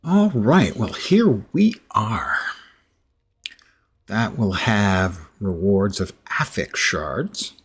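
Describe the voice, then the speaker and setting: A man's voice: on the low side, lively intonation, drawn-out words, slightly rough. A middle-aged man streaming a game, giving casual commentary with dry, sarcastic asides.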